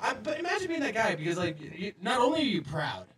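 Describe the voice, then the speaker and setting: A man in his twenties with a high, bouncing voice tells stories in a loose, profane way. He sits back from the mic. The room around him adds a roomy echo. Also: quick pace, far from the mic. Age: 20s. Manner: laid-back, profane, animated storytelling. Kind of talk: casual chat.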